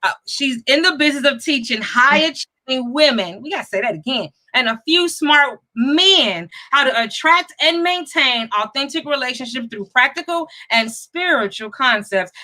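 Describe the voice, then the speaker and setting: High bright-voiced energetic woman host. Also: moderate pace, hardly any pauses, low-quality recording. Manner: energetic, chatty, greets viewers by name. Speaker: host of a live money talk show. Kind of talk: live-stream show talk.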